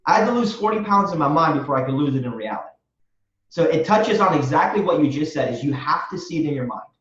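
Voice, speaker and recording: A man's voice: on the high side, expressive, quick pace, fairly bright tone. Earnest man, distant roomy lo-fi sound. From Romania. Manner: earnest, motivational, repeats phrases for emphasis. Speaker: guest, real estate wholesaler. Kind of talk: podcast interview answer.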